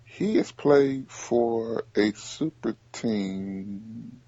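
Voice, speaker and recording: A man hosting a casual sports podcast, talking in animated bursts and repeating himself as he makes his point. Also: mid-range voice, very slow, slightly rough, no room sound, lo-fi sound. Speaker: podcast host.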